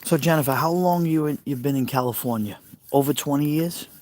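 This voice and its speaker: A man's voice: on the high side, a little fast, a little mellow, slight background noise. A man with a Brooklyn Italian American accent, chatting casually on a live stream and answering viewers' messages aloud. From New York. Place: outdoors by a fire pit at night.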